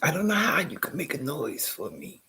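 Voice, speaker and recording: A woman vlogger giving an impassioned personal monologue, swinging between loud outbursts and hushed whispers and repeating phrases for emphasis. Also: deep voice, sing-song, moderate pace, a little hiss or hum.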